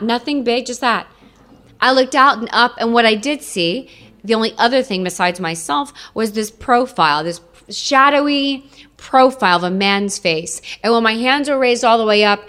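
A woman's voice: on the high side, moderate pace, fairly bright tone. A young adult woman giving an emotional personal testimony to an audience, repeating phrases for emphasis.

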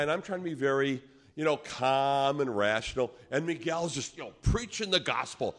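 A man preaching, telling a personal testimony as an animated storyteller who acts out the people he quotes. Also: a little high, fairly quick, hardly any pauses. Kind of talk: sermon storytelling.

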